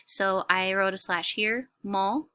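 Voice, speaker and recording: Woman teacher, bright tone with some fry, clear and instructive classroom delivery. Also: medium pitch, steady tone, dry recording. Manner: slow, clear, instructive, stretches words to clap syllables. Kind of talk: classroom lesson explanation. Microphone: recorded lesson video.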